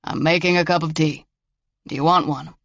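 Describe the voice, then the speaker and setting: A man voicing a stubborn, frail eighty-seven-year-old grandfather with a trembling voice, in a slow drawl, for an audiobook. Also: on the high side, fairly even intonation, gravelly, fairly bright tone, highs cut off. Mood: cranky.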